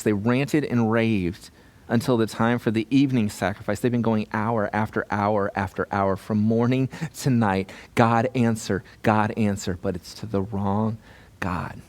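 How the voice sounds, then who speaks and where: Animated man preaching a sermon. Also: fairly low pitch. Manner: animated, acts out voices in retelling. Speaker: pastor.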